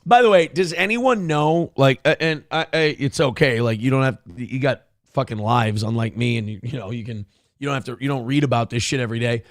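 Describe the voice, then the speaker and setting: A show host with a mid-range voice rants briskly into a close mic with no echo, delivering sarcastic, profane political commentary.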